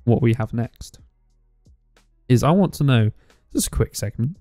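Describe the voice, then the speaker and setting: Mellow-voiced man, wisecracking. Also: mid-range voice, a little slow, dry recording, clean studio sound, soft background music. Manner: relaxed, wisecracking, laughs often. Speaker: podcast co-host. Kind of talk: casual chat.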